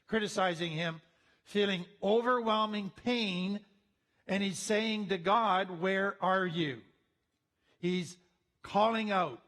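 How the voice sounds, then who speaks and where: A man giving a teaching talk on trauma, speaking in an earnest, conversational way and slowing down to read scripture aloud. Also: high-pitched, fairly bright tone. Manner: slows down and leans in when quoting scripture.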